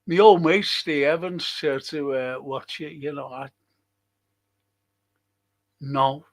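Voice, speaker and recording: Slow, grumbling older English host. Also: male voice, on the high side. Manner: grumbling, swears a lot, moaning. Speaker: livestream host. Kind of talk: casual live chat reading viewer comments.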